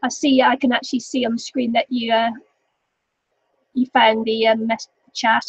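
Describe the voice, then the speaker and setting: A woman's voice: on the high side, little pitch movement, normal speed. An older woman chatting casually to viewers on a craft live stream, laughing often. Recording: dull lo-fi home recording.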